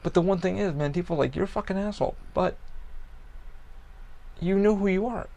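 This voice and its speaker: A man's voice: sits high, fairly quick, gravelly, warm tone. A man hosting a podcast, talking bluntly and profanely in a rambling personal monologue. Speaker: podcast host.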